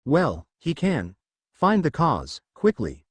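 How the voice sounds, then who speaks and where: A man's voice: on the high side, huge pitch swings, slow pace, slightly rough, no room sound, full character voice. A man voicing a tense young woman army commander who barks orders and snaps back with retorts.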